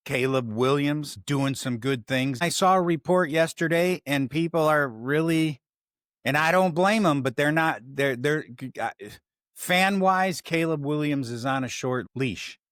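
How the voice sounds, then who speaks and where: On a casual sports talk show, this Chicago-accented male host rambles, curses, and interrupts himself mid-sentence. He speaks a bit high and fairly bright at a measured pace, in studio-quality audio with no echo.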